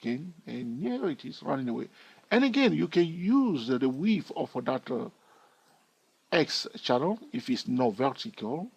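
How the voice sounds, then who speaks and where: A man's voice: medium pitch, big pitch swings, a little slow, gravelly, darkish tone, breathy edge, dry recording. A man giving a screen-recorded chart tutorial in a chatty way, thinking aloud and asking his viewers questions. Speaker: trading educator.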